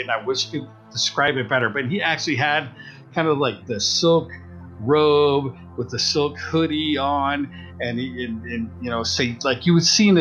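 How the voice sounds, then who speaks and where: Man telling a story on a podcast. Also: medium pitch. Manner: animated retelling, acts out quoted voices. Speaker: podcast co-host. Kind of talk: casual storytelling.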